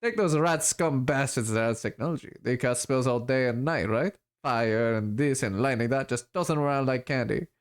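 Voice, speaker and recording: A man's voice: medium pitch, moderate pace, hardly any pauses, clean tone, close to an everyday voice. A man voicing a scrawny, cheerful street elf drug dealer with sly, boastful sales patter, reading a video game aloud. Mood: rambling.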